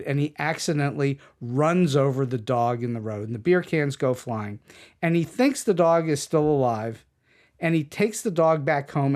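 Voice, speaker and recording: A man hosting an interview podcast, telling stories with energy and laughing often. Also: medium pitch. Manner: animated storyteller, laughs often. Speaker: podcast host. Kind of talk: casual interview chat.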